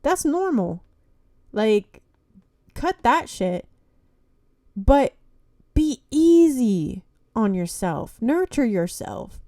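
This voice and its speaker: A woman's voice: on the high side, expressive, very slow, long pauses, warm tone, no room sound, studio quality. A young woman hosting a casual solo podcast, speaking candidly with lots of swearing, "like" and "you know", encouraging her listeners. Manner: encouraging, addresses listeners as "guys". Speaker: podcast host.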